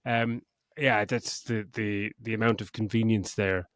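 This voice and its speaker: A man's voice: lowish voice, steady tone, measured pace, a bit bright, no room sound, studio quality. A middle-aged man co-hosting a podcast, complaining about a film in an exasperated, sweary, laughing way. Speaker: podcast co-host. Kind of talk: casual film review chat.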